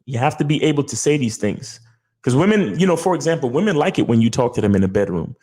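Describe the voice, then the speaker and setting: A man's voice: mid-range voice, expressive, fast, warm tone, breathy edge. Profane man giving casual dating advice. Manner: profane, repetitive, keeps asking "you understand?". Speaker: host. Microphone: talking into a studio mic.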